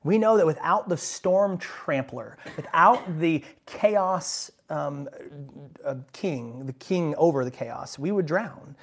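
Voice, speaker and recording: A man's voice: a little high, slow pace, gravelly. A male pastor preaching a sermon in a conversational, emphatic way, often checking in with the congregation. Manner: animated and emphatic, swinging from quiet asides to loud bursts; conversational, asks the congregation "right?".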